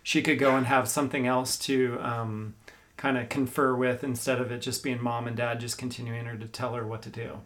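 A man's voice: mid-range voice, little pitch movement, moderate pace, fairly bright tone. A man talking on a podcast in a hesitant way, full of fillers. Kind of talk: casual podcast chat.

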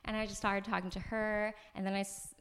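Gravelly-voiced woman telling a chatty story. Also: mid-range voice, fairly quick. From Los Angeles, USA. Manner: chatty and animated, many likes and ums. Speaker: podcast guest. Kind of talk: casual conversational storytelling. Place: floor of a new apartment.

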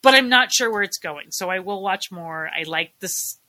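A woman co-hosting a podcast in casual chat, enthusiastic and quick to laugh. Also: medium pitch, animated, pushed and bright. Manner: chatty, enthusiastic, laughs often. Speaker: podcast co-host.

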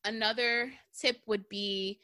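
Bright-voiced chatty woman in her thirties. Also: a little high, steady tone, takes it slowly, dry recording, studio quality. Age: 30s. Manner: chatty, slangy, laughs often. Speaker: podcast host. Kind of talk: casual chat.

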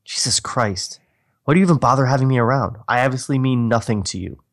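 Brief: a man doing an angry cursing boyfriend, mid pitch, confrontational. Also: fast, natural voice. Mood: bitter accusing. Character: jealous furious young man, cursing.

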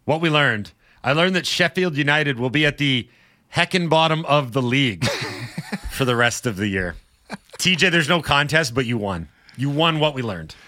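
A man's voice: medium pitch, expressive, moderate pace, bright, forceful tone, no echo, studio quality. A man co-hosting a sports radio show in casual talk, joking and laughing often.

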